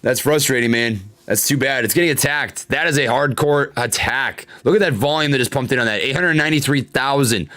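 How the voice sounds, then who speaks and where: A young man's medium-pitched voice comes across bright and forceful, brisk with few pauses, as he streams live stock trading. Casually discussing charts and reading chat aloud, he sounds frustrated, swears, and shrugs it off with a laugh.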